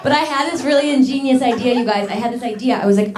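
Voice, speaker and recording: A woman's voice: on the high side, fast talker, a little mellow, a faint crowd. A young woman doing a stand-up comedy set on a club stage, candid and self-mocking, laughing through her punchlines. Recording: roomy club sound with audience.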